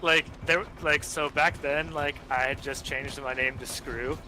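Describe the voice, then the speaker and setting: A man's voice: mid-range voice, fairly even intonation, bright, forceful tone, slight background noise, low-quality recording. A man in his twenties chatting casually about old online games, rambling with many fillers and swear words, often breaking into laughter. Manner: quick bursts of laughter while storytelling. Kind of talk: casual gaming chat.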